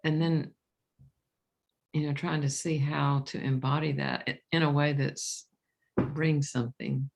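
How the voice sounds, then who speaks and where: A woman leading a meditation group in a soft, encouraging way. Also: low-pitched, little pitch movement, measured pace, vocal fry, long pauses. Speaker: meditation teacher. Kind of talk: casual group discussion.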